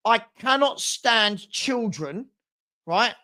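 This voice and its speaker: A man's voice: extremely high pitch, expressive, takes it slowly, bright, forceful tone. Heated man ranting on a watchalong. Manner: heated, insulting, indignant ranting. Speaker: host of a football watchalong. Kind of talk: live watchalong rant.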